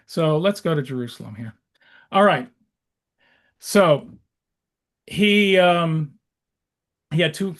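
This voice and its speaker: A man's voice: high voice, a bit bright. A man in his sixties, a rabbi, teaching an adult class over a video call in a chatty way, with many fillers, restarts and wry asides.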